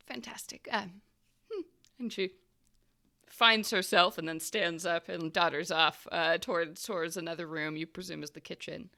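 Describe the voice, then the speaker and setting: A woman narrates a tabletop game as its game master. Her low voice is bright, with plenty of vocal fry, and she rambles loosely from one filler to the next. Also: fairly even intonation, moderate pace.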